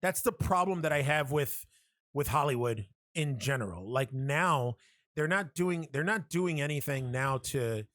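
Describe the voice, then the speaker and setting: This podcast co-host chats casually and with plenty of profanity, getting animated as he retells scenes and tosses in quick impressions. His voice leans high, and there's no echo.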